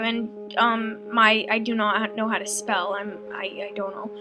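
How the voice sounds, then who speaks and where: A teenage girl narrates her life story over a drawing video, with a high, bright voice. She talks in a loose, chatty way full of likes and ums and plays out her own old quotes. Faint music runs underneath. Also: fairly even intonation, normal speed, few pauses. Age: teens. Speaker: beauty vlogger.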